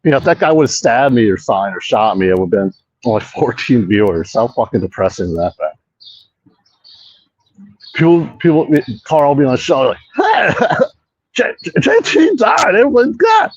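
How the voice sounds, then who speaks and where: A man's voice: mid-range voice, expressive, brisk, a little mellow, lo-fi sound. Rambling, cursing man in a park vlog. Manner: rambling, profane, self-mocking. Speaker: host. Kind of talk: casual walk-and-talk vlog. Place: outdoor park.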